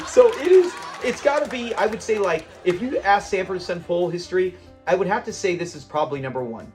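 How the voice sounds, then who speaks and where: A man's voice: sits high, a little fast, faint music behind. A man hosting a classic TV reaction channel, talking in an enthusiastic, rambling and sentimental way. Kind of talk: casual commentary.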